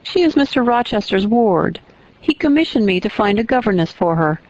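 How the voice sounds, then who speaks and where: A woman's voice: medium pitch, expressive, normal speed, darkish tone, no echo, highs cut off. A woman doing a chatty old housekeeper. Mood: explaining. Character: kindly chatty elderly widowed housekeeper.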